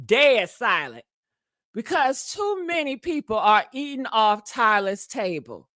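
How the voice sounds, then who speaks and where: Sassy woman gossip host, aave, slow and bright, dry mic, preaching at her viewers. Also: fairly high pitch, very animated, no echo. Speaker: commentary channel host. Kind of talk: gossip commentary livestream. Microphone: streaming setup mic.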